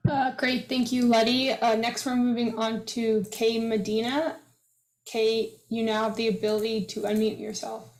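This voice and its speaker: A woman moderating a video-call hearing, calling up speakers in a brisk, procedural way. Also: fairly high pitch, flat delivery, a little mellow. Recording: echoey video-call audio.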